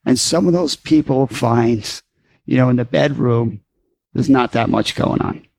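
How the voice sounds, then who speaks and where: Gravelly-voiced man podcast host. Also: mid-range voice, a little slow, a little mellow, no room sound. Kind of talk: casual podcast chat.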